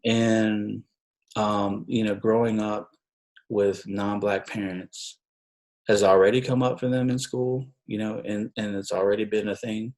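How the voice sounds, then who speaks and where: A man, a guest and adoptive father, speaking in halting conversation and repeating words as he searches for them. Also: fairly low pitch, level tone, a little mellow, rough recording. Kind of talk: casual conversation.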